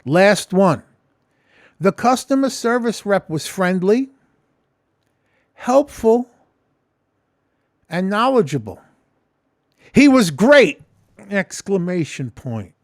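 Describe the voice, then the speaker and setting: Man, casual vlog talk, rambling and profane, high lively voice, dry close sound. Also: slow, long pauses, dry recording. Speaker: vlogger. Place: home kitchen.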